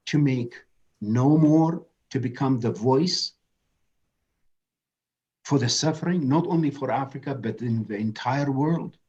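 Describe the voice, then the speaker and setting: A man's voice: medium pitch, dark tone, husky, dull audio. A man moderating a webinar, giving passionate opening remarks that rise to emphatic declarations.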